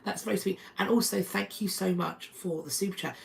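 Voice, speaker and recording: A woman talks on a live stream from home. Her mid-range voice has a gravelly fry, and her delivery is chatty, restarting sentences as she thanks viewers by name. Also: medium pitch, a little fast, rough recording. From North London, England. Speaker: history channel host.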